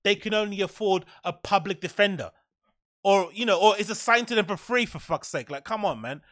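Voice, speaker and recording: A man hosts his podcast in a casual, opinionated way. He reads lines from an article and then picks them apart with sarcasm and indignation. His voice sits fairly high, and the sound is dry and close with no room echo. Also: fairly quick, a bit bright. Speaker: podcast host.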